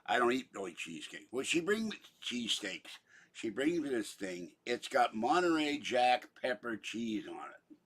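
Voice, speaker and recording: A man's voice: medium pitch, big pitch swings, normal speed, fairly bright tone, husky. An older man from Pittsburgh, talking in a rambling, chatty monologue full of theatrical asides. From Pittsburgh, Pennsylvania. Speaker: vlogger.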